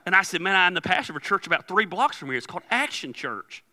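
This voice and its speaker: A male pastor with a high, sharp, very animated voice preaches fast and conversationally. His sermon is full of stories, laughter, and dialogue he acts out himself.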